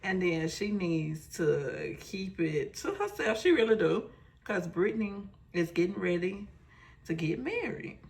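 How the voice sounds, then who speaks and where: Slow sassy lady with a gravelly voice recapping reality tv. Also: fairly low pitch. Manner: sassy, talks back to the screen. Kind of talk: casual show recap.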